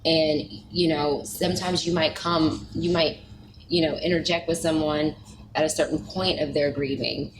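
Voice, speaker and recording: A woman's voice: sits low, steady tone, moderate pace. A woman hosting a podcast, reflecting thoughtfully and repeating key phrases for emphasis. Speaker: podcast host. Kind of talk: casual chat. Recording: noisy podcast recording.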